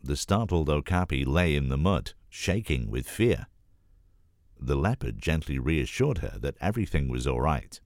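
Very deep-voiced male storybook narrator. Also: sing-song, moderate pace, darkish tone, no echo, studio quality. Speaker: audiobook narrator auditioning.

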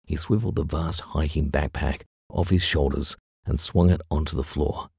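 A man reading a story aloud in measured audiobook narration. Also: a bass voice, fairly even intonation, creaky, a little mellow, breathy edge, no echo, studio quality.

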